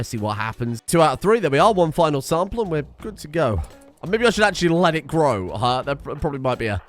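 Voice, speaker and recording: A man giving excitable, sweary let's play commentary, laughing often. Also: fairly high pitch. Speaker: gaming streamer.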